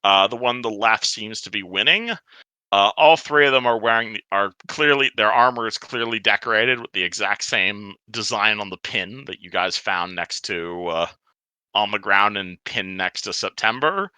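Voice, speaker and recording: A man's voice: lowish voice, normal speed, sharp tone, clean tone, no echo, poor audio. A man narrating a tabletop game as game master, rambling with fillers and restarts.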